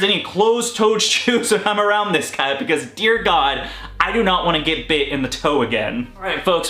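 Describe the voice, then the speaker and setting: A man hosting a casual reptile-care vlog from a reptile room in his home, talking in an excitable, joking way. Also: high-pitched. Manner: excitable and joking, yelps in pain when bitten. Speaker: reptile keeper and channel host. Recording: echoey room with faint music.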